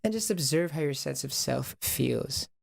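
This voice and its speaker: A man's voice: mid-range voice, lively intonation, measured pace, creaky. A man hosting a stream, coaching body awareness in a playful, repetitive call-and-response style. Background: music.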